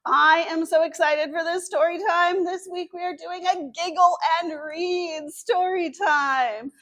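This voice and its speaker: A woman's voice: extremely high pitch, fairly even intonation, unhurried, fairly bright tone. A woman children's librarian hosting an online story time. She gives cheerful, step-by-step instructions to small children.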